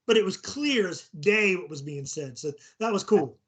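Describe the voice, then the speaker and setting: A man's voice: high-pitched, lively intonation, moderate pace, a bit bright. A middle-aged man co-hosting a casual chat about paranormal investigations, laid-back and joking. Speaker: podcast co-host.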